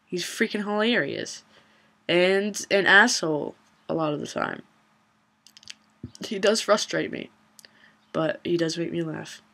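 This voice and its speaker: A woman's voice: fairly low pitch, a little slow, vocal fry, pauses often, pushed and bright. A young woman vlogging a funny personal story in a casual, chatty way, swearing and laughing as she goes.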